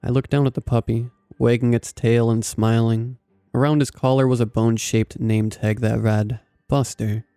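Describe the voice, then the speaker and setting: A man narrating a scripted first-person story in a measured, even way. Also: medium pitch, clean tone, dry recording, soft background music.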